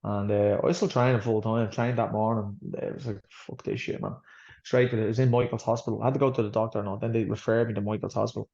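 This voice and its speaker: A quick, rambling Irish man with a gravelly, dark voice tells his story bluntly, swearing as he goes. The recording sounds slightly dull and lo-fi. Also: fairly low pitch, flat delivery. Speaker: boxer, guest. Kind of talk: candid interview storytelling.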